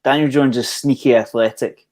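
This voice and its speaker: A man on a fan panel giving measured, hedged predictions. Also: medium pitch, steady tone, darkish tone. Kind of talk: casual panel chat.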